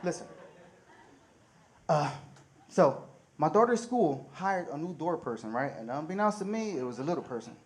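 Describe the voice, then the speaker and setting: A man doing profane, animated stand-up storytelling on a comedy stage, acting out the people in his story. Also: fairly high pitch, moderate pace, pauses often, a little hiss or hum.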